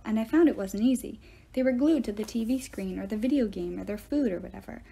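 A woman reading a novel aloud in the first person with expressive storytelling. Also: a little high, quick pace, vocal fry, breathy edge, poor audio. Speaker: reader of audiobook chapters.

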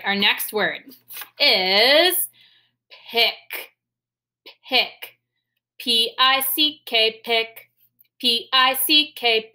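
A woman teacher leading a sight-word lesson for young children, talking clearly and spelling words out letter by letter. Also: on the high side, bright, forceful tone. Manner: slow, clear, enunciating and spelling words aloud for kids.

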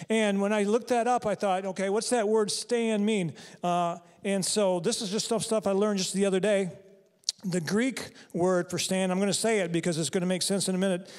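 A man preaching a sermon in a church, talking casually and quizzing the congregation. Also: sits high. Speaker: pastor. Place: church sanctuary.

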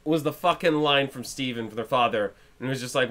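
A man's voice: medium pitch, fairly quick, a bit bright. A young man co-hosting a movie reaction, chatting casually and swearing freely. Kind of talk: casual chat.

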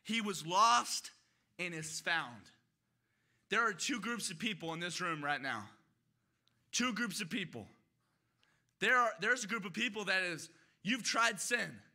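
A young male preacher with a high, gravelly voice that rings with a sharp brightness. He preaches in a church sanctuary and often breaks into loud, emphatic shouts as he delivers his sermon. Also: lively intonation, moderate pace, pauses often.

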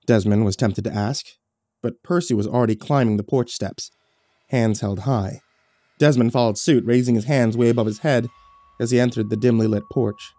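A man reading a horror story aloud in steady, dramatic scripted narration. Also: mid-range voice, normal speed, no room sound, studio quality.

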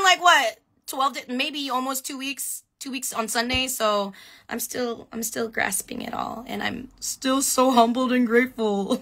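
Excitable woman talking into her phone on a live, bright forceful voice, chatty. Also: sits high, unhurried. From Filipino background. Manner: chatty, excitable, shouting out viewers. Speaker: reality show contestant on a live stream. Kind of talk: casual live stream Q&A.

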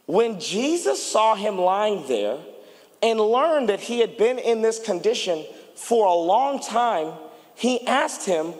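A male pastor preaching a sermon, chatty with the congregation and rising into shouted appeals. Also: high-pitched, slow. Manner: animated preaching, building to shouts, banters with congregation. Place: church sanctuary. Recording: long reverb of a large church hall.

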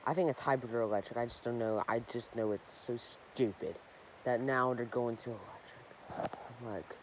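A man's voice: mid-range voice, moderate pace, slight background noise, poor audio. A young man chatting casually to his channel's viewers. He rambles, corrects himself often and leans on a lot of fillers. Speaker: gaming channel host. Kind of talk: casual rambling vlog chat.

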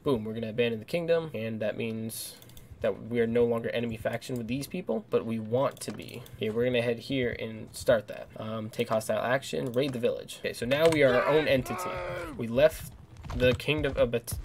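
Young guy narrating his game run, mid-pitched, loud and sweary when things go wrong. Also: a little fast, slight background noise. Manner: excitable, swears a lot, yells at enemies. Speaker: gaming channel host. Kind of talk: let's play commentary.

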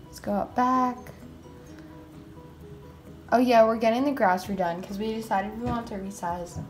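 A woman hosting a game roleplay video, talking casually and excitably as a mom, with frequent exclamations. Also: fairly high pitch, a little slow, soft background music.

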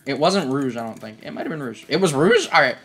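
Woman, let's play commentary, low voice, swings up and down a lot, foul-mouthed. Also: expressive, fast talker. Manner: swears freely and yells in frustration; reads the game's dialogue lines aloud. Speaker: gamer playing through a story game.

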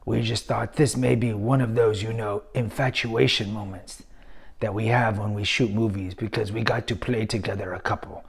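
A man putting on a smooth, sultry impression of a suave male movie star, speaking low. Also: steady tone, normal speed.

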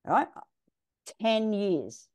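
A middle-aged Australian woman, a DJ guest, telling stories in a frank, animated way and acting out the quotes. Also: medium pitch, takes it slowly, clean tone. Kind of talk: casual storytelling interview.

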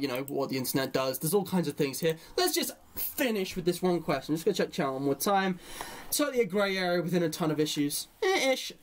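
On a live stream, a man with a slightly high voice rambles through opinion commentary, thinking aloud as he goes. Whenever he dictates a reply, his delivery slows right down.

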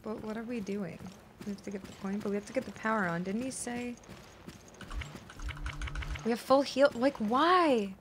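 A woman's voice: on the high side, normal speed, pauses often, slight background noise. Chatty woman streamer with a fading voice. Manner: chatty, laughs a lot, swears, talks to chat. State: losing her voice. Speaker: game streamer. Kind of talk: casual live-stream commentary.

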